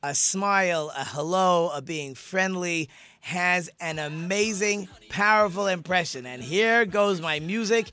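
A man's voice: high voice, measured pace, pushed and bright, no echo. A middle-aged man, a rabbi hosting a radio talk show, speaking in a chatty, conversational way with many fillers and restarts as he tells a story.

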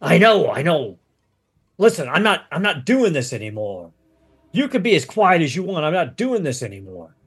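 A bandaged young monk, fed up with his order and ready to bolt, snaps and swears in an agitated, raised voice, put on by a man running a tabletop game. His tone climbs well above the man's everyday pitch. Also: very animated, moderate pace, fairly bright tone, breathy edge, heavily acted. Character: young injured male monk, fed up and foul-mouthed.

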